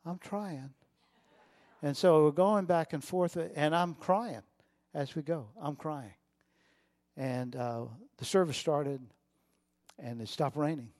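A middle-aged man preaching a sermon, telling a personal story with feeling and swinging between loud and soft. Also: a little high, slow pace, dry recording, studio quality. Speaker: pastor.

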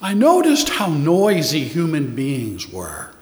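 Slow, soft-spoken man in an echoey hall. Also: fairly high pitch, huge pitch swings. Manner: slow, soft and unhurried, with long pauses. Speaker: spiritual teacher. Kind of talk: meditative sermon with chanting. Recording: echoey hall with long reverb.

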